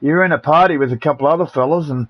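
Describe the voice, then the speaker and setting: A man's voice: a little high, very fast. A middle-aged Australian man chatting on a live game stream, blunt and aggrieved, swearing freely and calling everyone mate and bro. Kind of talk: casual live-stream chat with party members. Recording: muffled, noisy home streaming mic.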